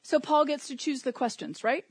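A woman's voice: high-pitched, animated, moderate pace, darkish tone, no room sound. Conversational woman preaching a sermon. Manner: conversational, with asides and humor.

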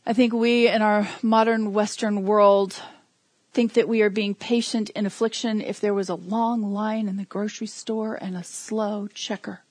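A woman's voice: mid-range voice, level tone, moderate pace, no echo. A woman preaching a sermon in a conversational way, with humor and asides.

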